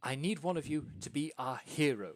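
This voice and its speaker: A man's voice: a little high, expressive, moderate pace, no room sound, pitched above the performer's own voice, lightly acted. Man voicing a flustered theatre lady, eager, anxious, stammers and repeats words, tabletop game.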